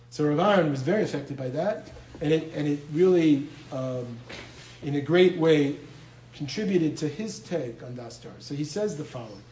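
A man's voice: a little high, animated, brisk, darkish tone, slight background noise. Man teaching in an echoey room. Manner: conversational, repeats words, mixes in Hebrew and Yiddish terms. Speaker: lecturer on Jewish law and medical ethics. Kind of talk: informal Torah lecture.

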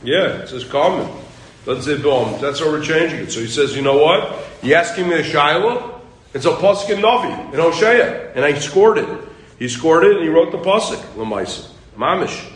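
A man's voice: a little high, normal speed, roomy sound, rough recording. Man teaching a Talmud class, quizzing students. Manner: quizzing students with "what?" questions, animated.

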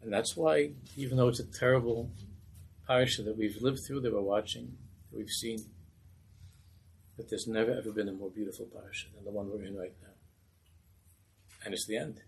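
A man telling a Hasidic story as a sermon, animated and acting out the voices. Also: fairly low pitch, fairly quick, creaky, pauses often, slight background noise, low-quality recording.

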